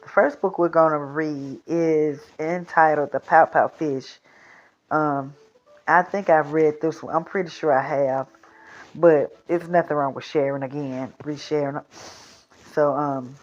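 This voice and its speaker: A woman's voice: deep voice, fairly even intonation, measured pace. A woman hosting a children's storytime show, chatting casually and rambling before reading aloud. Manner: chatty, rambling, repeats herself. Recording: dull lo-fi recording.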